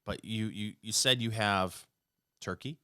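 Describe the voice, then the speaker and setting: Deadpan low-voiced man, crisp and bright. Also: measured pace, no room sound. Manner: dry, deadpan teasing humor. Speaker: co-host. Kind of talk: casual podcast chat.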